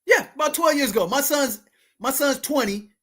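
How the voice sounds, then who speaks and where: Host, male, 40s: lively, chatty storyteller who voices the people in his tales. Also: very high-pitched, moderate pace, slight background noise. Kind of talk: casual storytelling.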